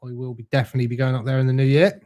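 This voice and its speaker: A man's voice: mid-range voice, little pitch movement, rapid-fire, darkish tone. A young man hosting a live stream, chatting casually and reading out viewer comments in a laid-back, matey way.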